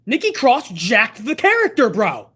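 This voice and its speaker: A man's voice: very high voice, wildly swooping pitch, a little slow, a bit bright, slightly rough. A man hosting a live stream, chatting casually and profanely and answering viewer messages. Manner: profane, laid-back banter, reading viewer messages.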